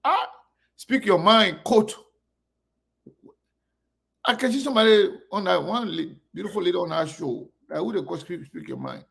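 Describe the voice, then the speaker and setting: A man's voice: sits high, moderate pace, pauses often, a bit bright. A man hosting a casual live-stream, greeting viewers one by one by name. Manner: gravelly. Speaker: online show host.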